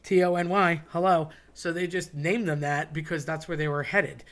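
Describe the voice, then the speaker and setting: A man's voice: on the high side, fairly even intonation, normal speed, fairly bright tone. A man hosting a casual monologue, chatty and digressive, with wry asides. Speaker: host.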